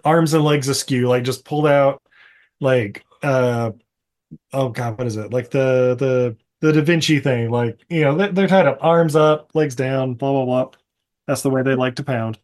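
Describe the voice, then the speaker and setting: This man, co-hosting a podcast, speaks in a mid-range voice at a moderate pace. He's casually recapping a film, wandering off track, cursing, and laughing between plenty of filler words.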